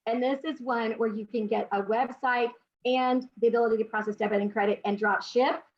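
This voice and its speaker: Bubbly high-pitched woman host, laughs a lot, dull lo-fi video-call sound. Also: steady tone, brisk. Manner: bubbly, gushing, laughs often. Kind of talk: online business presentation.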